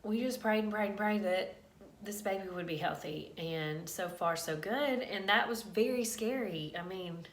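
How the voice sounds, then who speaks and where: Speaking at a normal speed in a mid-range voice, a woman vlogger gives an emotional, candid pregnancy update to the camera in a casual way. There's a roomy echo to the sound.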